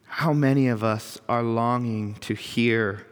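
Male pastor, unhurried, earnest sermon, reverberant sanctuary. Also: medium pitch, fairly even intonation, smooth. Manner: reflective, earnest, builds emphasis through lists. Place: church. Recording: long reverb of a church hall.

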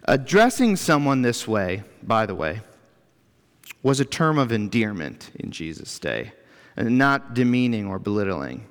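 Slow, earnest male pastor preaching. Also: lowish voice, sing-song. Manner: reflective, earnest, builds emphasis through lists. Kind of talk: sermon. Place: church. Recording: long reverb of a church hall.

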